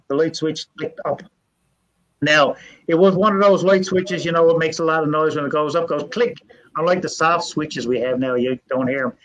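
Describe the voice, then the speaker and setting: An older man, telling family ghost stories in a folksy, earnest way with halting restarts. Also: a little high, fairly bright tone. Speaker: storyteller guest. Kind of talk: casual storytelling. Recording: dull lo-fi sound.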